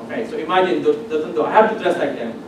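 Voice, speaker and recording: A man's voice: a little high, rapid-fire. A man from the Philippines with a Filipino accent, preaching a conversational sermon and checking in with the congregation by asking "okay?". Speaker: pastor. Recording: echoey hall, distant mic, background noise.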